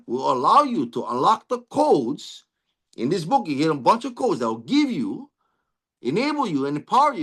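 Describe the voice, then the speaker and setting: Hawaiian-accented man, recovery testimony, raised pitch, lively melody, constant "right?" tags. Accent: Hawaiian Pidgin-inflected English. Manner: tags nearly every phrase with "right?", earnest and repetitive; frequent restarts and stammered repeats. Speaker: recovery meeting speaker.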